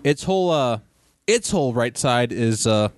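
A man's voice: medium pitch, animated, slight background noise. Man running a tabletop game. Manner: halting, with many fillers and restarts. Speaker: game master.

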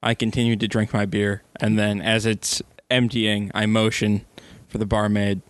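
A man's voice: on the low side, flat delivery, normal speed, clean tone, no room sound. Grumpy sarcastic male player. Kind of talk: in-character table play.

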